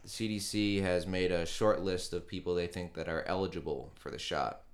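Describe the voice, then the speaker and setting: Brief: very low-pitched man, podcast co-host, unhurried news rundown in casual chat. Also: steady tone.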